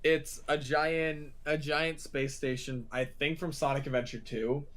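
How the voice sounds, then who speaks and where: A man's voice: on the high side, steady tone, a little slow, fairly bright tone. A young man co-hosting a casual movie chat podcast, rambling and swearing freely. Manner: rambling, swears freely, does silly voices. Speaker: podcast co-host.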